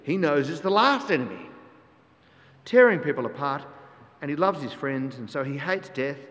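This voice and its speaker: A man's voice: fairly high pitch, lively intonation, moderate pace, a bit bright. A man preaching a sermon to a congregation, emphatic, repeating key phrases and asking rhetorical questions. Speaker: pastor. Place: church with long reverb. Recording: long church hall reverb.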